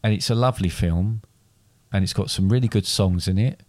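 A man's voice: fairly low pitch, a little fast, darkish tone, no echo. A man casually retelling a fairy tale in a chat, rambling and correcting himself as he goes. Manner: rambling, self-correcting storyteller.

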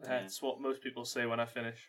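A man's voice: medium pitch, completely flat delivery, fairly quick, a bit bright. A man co-hosting a comedy podcast, a bit tipsy from gin, joking crudely and running himself down. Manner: crude, self-deprecating jokes. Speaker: podcast co-host. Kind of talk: casual comedy chat.

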